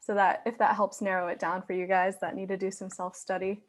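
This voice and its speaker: A woman's voice: mid-range voice, little pitch movement, brisk. A young woman co-teaching a casual online Spanish lesson over a video call, explaining carefully and checking in with "right?". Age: young adult. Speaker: student Spanish tutor.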